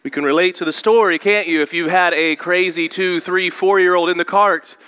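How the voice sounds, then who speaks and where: A male pastor preaching a sermon in a church, moving from slow scripture reading into lively storytelling. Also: high-pitched, clean tone.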